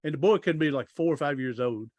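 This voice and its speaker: A man's voice: fairly high pitch, fast, darkish tone, dry recording. A middle-aged man, a podcast guest telling long stories in a rambling, folksy way, often restarting his sentences. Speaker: podcast guest, author and speaker. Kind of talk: casual storytelling interview.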